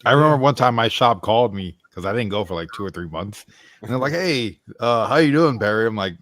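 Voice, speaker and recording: A man's voice: lowish voice, expressive, fairly quick, fairly bright tone. Laid-back man telling a sheepish story. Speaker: participant in a group chat. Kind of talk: casual anecdote.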